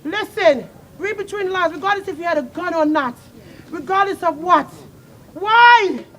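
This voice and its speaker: Outdoors on a city street, a woman gives an impassioned protest speech over a loud crowd, grieving, pleading, and repeating her words again and again. Her voice is extremely high with lively intonation, and she keeps a moderate pace amid the background noise.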